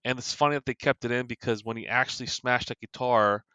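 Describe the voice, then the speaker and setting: A man's voice: medium pitch, steady tone, fast, pushed and bright, clear, resonant tone, no echo. A man co-hosting a podcast, explaining his movie pick in a rambling way with many fillers. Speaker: podcast co-host. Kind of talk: casual chat.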